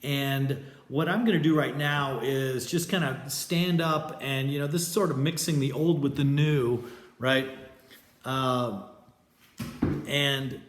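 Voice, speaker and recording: A man lectures on poetry at a slow, unhurried pace, often pausing to hesitate and restart. His voice sits in a middle range for a man. It carries the roomy echo of a classroom. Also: mid-range voice, fairly even intonation, slight background noise. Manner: loose and hesitant, with frequent fillers and restarts. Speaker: poetry teacher. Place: classroom with a chalkboard.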